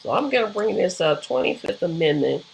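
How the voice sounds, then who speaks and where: A woman's voice: on the low side, sing-song, brisk, creaky, a little mellow, slightly rough, rough recording. A woman hosting a live show, giving casual, opinionated political commentary with frequent ums and rhetorical asides.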